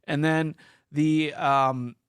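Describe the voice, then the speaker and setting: A podcast host tells stories in casual conversation and reads out listener comments, narrating in an animated way. His fairly high voice is clear and resonant, with drawn-out words, captured in a dry, studio-quality recording.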